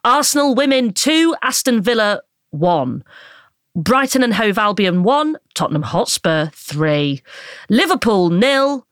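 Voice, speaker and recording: A woman putting on a posh sports broadcaster voice, reading out scores slowly and deliberately. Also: fairly high pitch, very animated, dry recording, clean studio sound. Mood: mock-formal.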